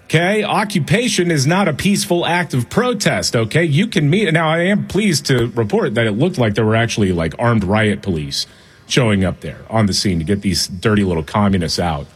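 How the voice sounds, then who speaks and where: A man's voice: medium pitch, lively intonation, slightly rough. A man co-hosting a radio talk show, giving blunt, mocking political opinions into a studio microphone. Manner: blunt, mocking, quick to laugh.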